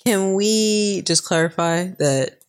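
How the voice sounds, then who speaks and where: A woman's voice: medium pitch, clean tone. A woman co-hosting a podcast in casual chat, laughing often and calling out her partner. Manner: laughing, challenging, quick to call out. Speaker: podcast co-host; mother.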